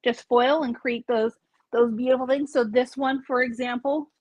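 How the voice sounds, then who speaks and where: A woman hosts a live craft store video, walking through products in a chatty, explanatory way and pausing to correct herself. Her voice sits a little high, and the sound is dry and close. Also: steady tone, no room sound. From Canada.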